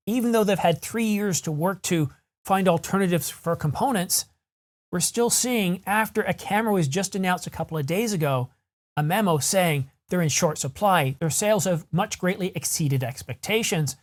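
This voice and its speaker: A man hosting a camera news channel, ranting in a frustrated, rambling way and correcting himself as he talks. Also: fairly high pitch. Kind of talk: solo vlog rant.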